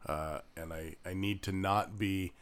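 A man's voice: low voice, steady tone, a little slow, fairly bright tone, smooth. A man co-hosting a casual chat, talking things through at an easy, musing pace. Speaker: podcast co-host.

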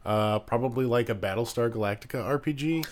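A man's voice: mid-range voice, fast talker. Laid back guy cohosting a podcast, lots of ums, kinda hesitant. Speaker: podcast co-host. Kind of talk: casual chat.

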